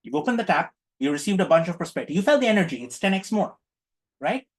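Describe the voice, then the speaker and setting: A man with a somewhat raised pitch guides an online group healing session. He speaks in a playful, teacherly way, repeating each question to his listeners over a video call microphone. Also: very animated, fast. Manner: playful, repetitive teacherly prompting.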